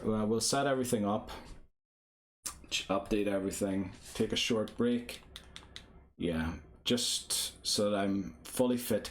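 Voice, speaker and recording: A man giving casual, self-deprecating commentary to viewers while playing a motion-control game live. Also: medium pitch. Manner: chatty, self-deprecating, thinking aloud to viewers. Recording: game music playing behind the voice. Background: game music.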